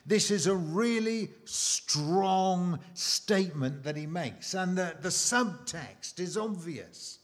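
A man preaching a sermon, slow and emphatic, with dramatic pauses and rhetorical questions. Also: high voice, animated.

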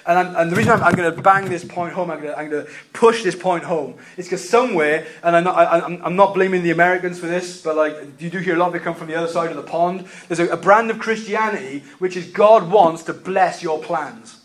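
A man preaching a sermon, emphatic, repeating key phrases and swinging between loud and quiet delivery. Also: high voice, brisk, hardly any pauses, slight background noise.

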